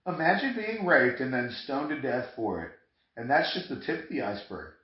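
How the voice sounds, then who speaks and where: A man co-hosting a podcast, chatting casually and profanely over drinks, animated and laid-back. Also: mid-range voice, a little fast. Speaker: podcast co-host. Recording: roomy, dull lo-fi home recording.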